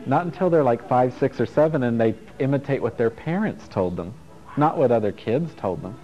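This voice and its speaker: A man's voice: mid-range voice, animated, normal speed, dark tone. A middle-aged man teaching a casual self-help workshop to a group, frank and playful, swearing and chuckling as he goes. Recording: dull lo-fi recording with faint music.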